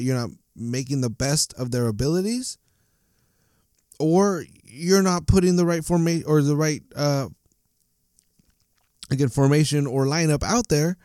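A man's voice: medium pitch, a little mellow, no room sound, studio quality. A man ranting angrily about his soccer team, swearing a lot and tripping over his words. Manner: angry, profane, stumbling ranting. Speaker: soccer fan commentator. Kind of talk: casual ranting monologue.

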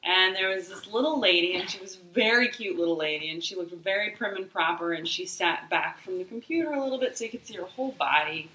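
Animated bright-voiced woman telling a story. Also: lowish voice, fast talker, hardly any pauses, roomy sound, low-quality recording. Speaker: podcast co-host. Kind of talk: casual storytelling chat.

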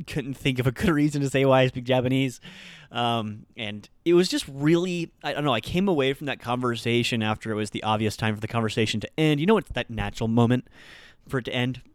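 A man's voice: medium pitch, dry recording, studio quality. A man hosting a Japanese-learning podcast, telling a story in a chatty, self-deprecating way with lots of fillers. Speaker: Japanese teacher podcast host. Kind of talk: casual podcast monologue. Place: Utah.

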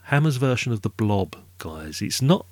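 A man's voice: lowish voice, sing-song, normal speed, dry recording. Dry-sounding British man hosting a film chat. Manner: reads film details, then chats and checks with co-hosts. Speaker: podcast co-host. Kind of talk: casual film discussion.

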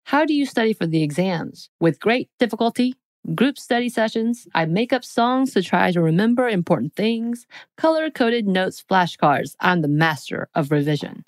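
Animated and mid-range in pitch, a woman co-hosting a podcast jokes playfully while reading out quiz questions and listing answer choices rapidly. The sound has no room reverb.

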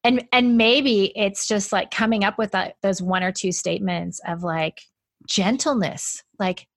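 A woman's voice: mid-range voice, measured pace, dry recording, studio quality. A woman talking as a podcast guest in a casual, chatty conversation, with lots of "like" fillers and frequent laughs.

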